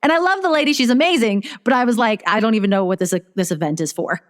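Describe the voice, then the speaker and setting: A woman's voice: fairly high pitch, fast, big-room sound. A woman guest on a casual interview, telling her story animatedly and acting out her own thoughts. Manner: animated, acts out her own inner dialogue. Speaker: guest business strategist.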